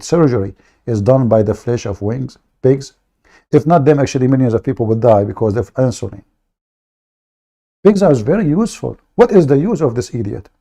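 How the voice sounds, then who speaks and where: A combative livestream host rants heatedly, his medium-pitched voice carrying a warm tone. He comes across as aggressive, mocking, and insulting.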